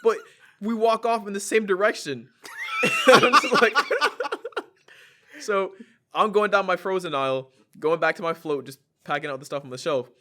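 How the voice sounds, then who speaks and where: A man's voice: sits high, moderate pace, bright, forceful tone. A man co-hosting a podcast, telling a story casually and animatedly, mimicking the people in it and laughing often. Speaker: podcast co-host.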